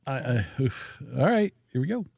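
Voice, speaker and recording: Lively, teasing man co-host. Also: mid-range voice, normal speed, vocal fry, slightly rough, no echo, studio quality. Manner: teasing, plays voicemails. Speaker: podcast co-host. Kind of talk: casual chat.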